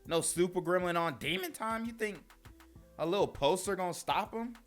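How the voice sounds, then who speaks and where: A man's voice: high voice, lively intonation, normal speed, fairly bright tone, faint music behind. A young man hosting casual reaction commentary, slangy and often laughing. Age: young adult. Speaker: commentary host.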